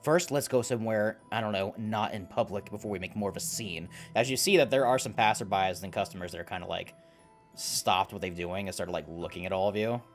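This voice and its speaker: Chill guy running a tabletop game, lowish voice, says um and like a lot, faint music. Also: fairly quick. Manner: loose, filler-heavy narration. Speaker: game master.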